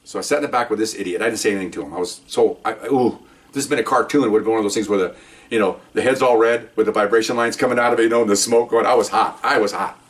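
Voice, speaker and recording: Older ex-cop guy rambling thru a story, quick talker, lowish voice. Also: distant mic. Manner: rambling, animated, keeps adding "okay?". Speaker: retired police officer telling stories. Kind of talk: casual storytelling monologue.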